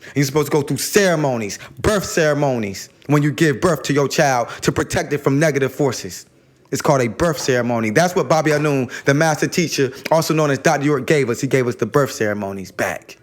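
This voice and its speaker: A man's voice: medium pitch, expressive, a little fast. A man talking casually about spirituality as a guest, rambling and slangy, often repeating words as he starts a thought.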